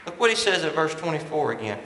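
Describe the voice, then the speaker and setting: A man's voice: a little high, very animated, fast, pushed and bright. A man preaching a sermon from the pulpit, stressing and repeating his key points. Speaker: pastor. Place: large church sanctuary. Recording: echoey church hall with long reverb.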